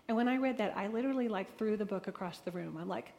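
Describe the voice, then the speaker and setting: A woman's voice: mid-range voice, fast, creaky, few pauses, a little mellow. A woman giving a personal testimony talk to an audience, telling her story earnestly and emotionally with vivid retold dialogue. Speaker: speaker addressing an audience. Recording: long reverb of a large hall.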